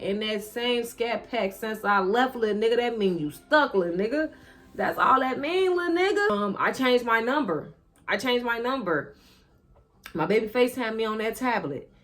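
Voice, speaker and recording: A woman telling a personal story straight to her viewers in a casual, animated and profane monologue. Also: medium pitch. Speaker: vlogger.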